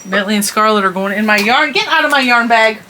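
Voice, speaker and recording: A woman's voice: a little high, fast talker, heavy background noise. A woman hosting a vlog, chatting casually and teasingly with her child in a motherly way.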